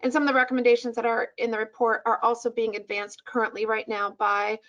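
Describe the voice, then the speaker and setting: A woman's voice: a little high, flat delivery, fast talker, a bit bright, lo-fi sound. A woman presenting a policy report on a webinar over a video call, speaking conversationally with fillers.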